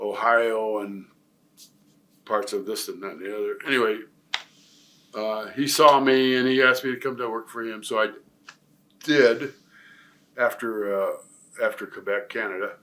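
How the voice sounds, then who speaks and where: Appearing as a guest in a career interview, a retired pro wrestler from Nebraska, now an older man, tells long, rambling stories full of fillers and restarts. His voice is lowish yet pushed and bright.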